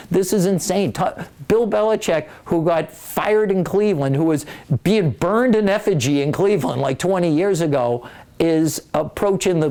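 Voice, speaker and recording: A man, an author, giving a casual, animated storytelling talk to an audience in a library, joking as he goes. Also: on the high side. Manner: animated, joking, acts out quoted voices. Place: public library meeting room.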